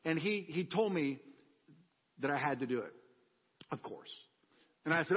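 Husky high-voiced male preacher. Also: moderate pace, pauses often, big-room sound, highs cut off. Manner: animated personal storytelling with humor. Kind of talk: sermon.

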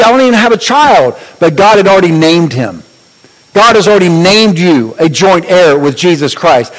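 High-voiced preaching pastor in a hall. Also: male voice. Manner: animated preaching with rising exclamations and humor. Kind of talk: sermon.

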